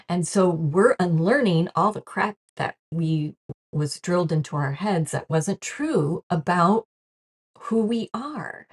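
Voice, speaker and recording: A woman's voice: fairly low pitch, breathy edge. A woman giving a casual spiritual talk to camera, earnest and chatty, often laughing and acting out quoted reactions. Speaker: spiritual teacher.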